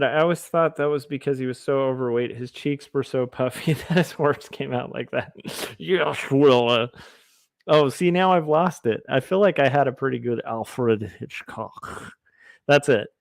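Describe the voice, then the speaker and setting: A man talks slowly and loosely on a drawing livestream, drifting between chat comments and his work. His delivery is goofy and rambling, with a dry, close sound and no room in it. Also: medium pitch, dry recording. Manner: goofy, rambling, reads chat aloud, tries silly voices. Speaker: comic artist livestreamer.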